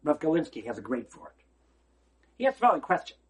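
A man teaching a holiday Torah lecture as a rabbi. He is emphatic and preacherly, asks rhetorical questions, and swings between loud exclamations and quiet asides. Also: on the high side, wildly swooping pitch, fast, husky.

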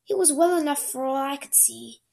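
A woman's voice: high voice, moderate pace, vocal fry, warm tone. A woman doing a blunt old sailor man. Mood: plain.

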